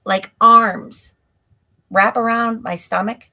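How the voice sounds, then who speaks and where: A woman's voice: a little high, steady tone, slow pace, pushed and bright. A woman, a guest on a live stream, telling a story in a breathless run-on way that is full of "like". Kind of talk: storytelling in an interview. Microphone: stream call mic.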